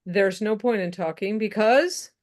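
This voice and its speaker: A woman's voice: medium pitch, a little slow, darkish tone. A woman co-hosting a casual political podcast, talking frankly and bluntly, often restarting her sentences. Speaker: podcast co-host.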